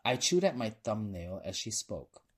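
A man reading a novel aloud as narrator, in a measured storytelling manner and voicing the characters' lines. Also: fairly low pitch, sing-song, breathy edge. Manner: measured storytelling, lifting voice for dialogue. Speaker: audiobook narrator. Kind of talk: scripted narration with character voices.

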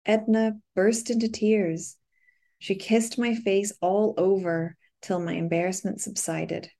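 A woman giving a soft-spoken, measured first-person audiobook narration. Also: mid-range voice, little pitch movement.

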